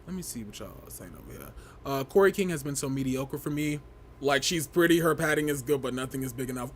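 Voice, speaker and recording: A young man hosting a casual livestream, gossiping and reading chat in an animated way, often laughing and breaking into shrieks. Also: fairly high pitch, a little fast. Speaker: livestream host.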